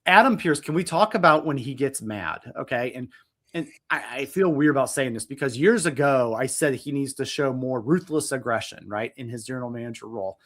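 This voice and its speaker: A man co-hosting a podcast in a loose, casual chat. He rambles, restarts his sentences and chuckles often, in a voice of ordinary pitch. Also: animated, brisk, fairly bright tone. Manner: rambling, self-interrupting, chuckles. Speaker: podcast co-host.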